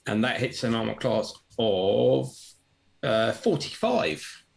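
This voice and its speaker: A man playing a tabletop game, working through dice rolls and damage in a relaxed, mumbling way. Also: mid-range voice. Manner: slow, gravelly, mumbling over dice maths. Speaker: player. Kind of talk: tabletop game play, casual chat.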